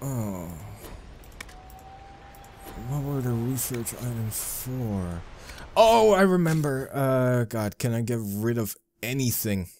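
A man casually commenting on his own gameplay, rambling and self-deprecating, with sudden excited outbursts. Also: mid-range voice, slow pace, pauses often, a little hiss or hum. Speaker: let's play gamer.

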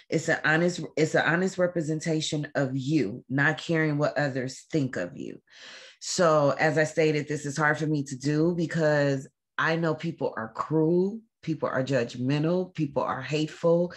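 A woman hosting a faith-based talk to camera, speaking earnestly and haltingly, often pausing with "um" as she holds back tears. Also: sits low. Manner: earnest, emotional, halting with frequent ums. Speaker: show host.

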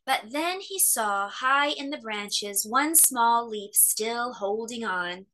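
A woman reading a children's picture book aloud at story time. Her voice is bright and fairly high, and she tells the story expressively. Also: expressive, takes it slowly, few pauses.

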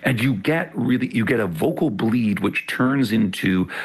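A middle-aged man with a gravelly, rattly voice that sits fairly low. He explains at length in a measured, patient manner, with some huskiness in the tone. He is a guest in an interview conversation. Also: animated. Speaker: author guest.

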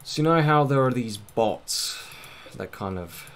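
Slow, gravelly-voiced man chatting over a game. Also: medium pitch, expressive, a bit bright. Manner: rambling, self-mocking, swears freely. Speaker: gaming let's-play host. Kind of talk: casual gameplay commentary.

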